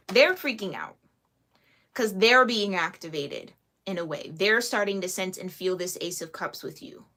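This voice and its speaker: A woman's voice: medium pitch, moderate pace, sharp tone. A woman giving a casual, chatty tarot reading, slangy and laughing often. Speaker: tarot reader.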